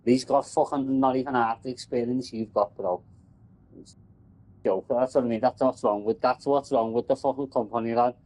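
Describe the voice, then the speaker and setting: A man's voice: mid-range voice, steady tone, moderate pace, darkish tone, rough recording. A man, a telecom engineer, rambling and swearing in casual chat about his work.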